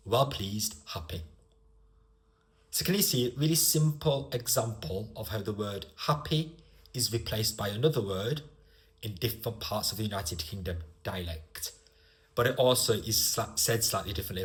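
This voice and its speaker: A man with a northern English accent, giving an online English lesson with slow, deliberate explanations. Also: lowish voice, lively intonation, fairly bright tone. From northern England. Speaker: English teacher.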